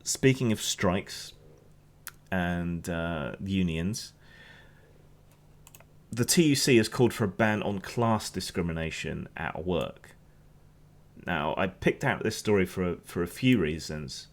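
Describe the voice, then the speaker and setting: A man's voice: sits low, lively intonation, takes it slowly. A man with a Hampshire accent giving casual, opinionated news commentary on a stream, rambling and restarting often. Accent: Hampshire English. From England.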